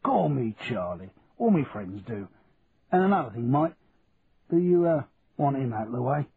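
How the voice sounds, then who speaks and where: A man's voice: mid-range voice, sing-song, normal speed, crowd noise. A man voicing a chummy Cockney businessman in his sixties with blunt, matey banter. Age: 60s. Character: sixty-four-year-old Cockney businessman, shrewd and chummy. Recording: tinny lo-fi audio with faint hiss.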